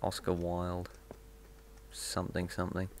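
A man giving relaxed, playful commentary on his own gameplay, chatting to himself as he goes. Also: deep voice, measured pace, slight background noise. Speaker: gaming video host.

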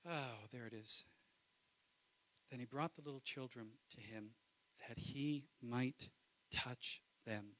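Pastor preaching in church; bright, ringing man's voice, impassioned with quiet asides. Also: medium pitch, slow pace, long pauses, poor audio. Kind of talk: sermon.

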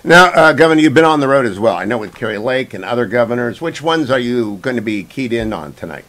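A man hosting a political talk radio show, interviewing a guest with brisk, emphatic delivery and loud greetings. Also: mid-range voice, lively intonation, poor audio.

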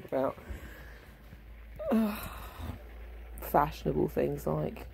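A middle-aged woman muses aloud, losing her thread and swearing now and then. Her voice is low, gravelly and mellow. The home recording carries a faint hiss. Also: expressive, slow, long pauses. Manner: meandering, self-interrupting, sweary. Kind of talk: rambling monologue. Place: home, indoors.

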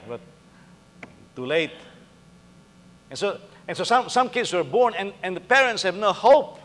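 A man's voice: high voice, sing-song, a little slow, pauses often, fairly bright tone, in a large hall. A male pastor preaching conversationally, acting out little dialogues and firing rhetorical questions at the congregation. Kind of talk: sermon.

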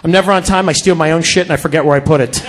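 A male stand-up comedian doing a crude, profane club routine on stage, yelling his punchlines into a handheld mic. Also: a little high, fairly even intonation, rapid-fire, noisy background.

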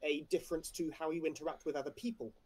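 A man speaking as a panelist in an online discussion, direct and measured, stating his views plainly. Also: a little high, steady tone, darkish tone.

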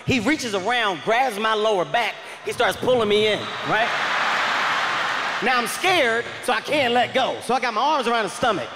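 High-voiced man shouting a comic story. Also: normal speed, a loud crowd. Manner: loud, shouting, profane and animated. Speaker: comedian. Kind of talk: stand-up storytelling. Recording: echoey hall reverb, faint noise.

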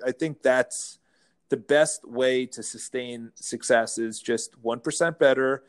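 A man, a real estate firm founder, telling animated anecdotes as a guest in a casual interview. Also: medium pitch, takes it slowly, clear, resonant tone. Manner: animated anecdotes, playful mimicking of others.

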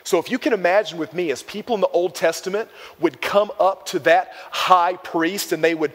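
A man's voice: high voice, moderate pace, long reverb tail. Emphatic young male youth pastor preaching. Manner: energetic, emphatic, repeats phrases for effect. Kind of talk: sermon.

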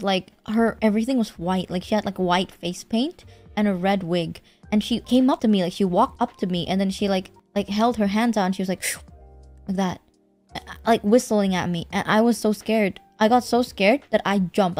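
A young woman from Indonesia, a streamer telling a story in casual chat, rambling with lots of fillers and swearing freely, animated and laughing through her words. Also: medium pitch.

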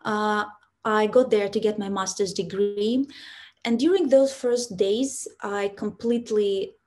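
Brief: young Russian-accented woman, speaking coach, earnest storytelling, mid-pitched voice. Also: unhurried, darkish tone. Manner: earnest, reflective storytelling with frequent "so" and "like". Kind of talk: storytelling presentation.

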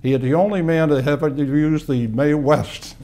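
Older man in his 80s from Boston, interviewee; mellow tone, reminiscing slowly with pauses and restarts. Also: on the high side, fairly even intonation. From Boston, USA. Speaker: interviewee, war veteran. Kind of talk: oral history interview.

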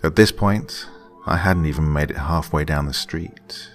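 A man narrating a scripted horror story in a dramatic way, dropping at times into hushed whispers. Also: extremely low pitch, unhurried, soft background music.

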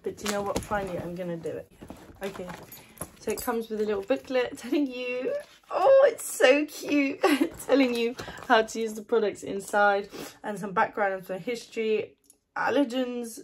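In her new house, a woman tastes snacks and chats casually, bubbly and giggly, gushing and laughing often, without her usual ASMR mic. Her voice sits a little high at a normal speed, with a slight hiss or hum.

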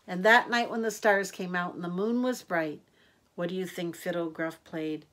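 An older woman reading children's picture books aloud slowly and expressively as a storyteller. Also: lowish voice. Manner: slow and expressive, hushing at the end.

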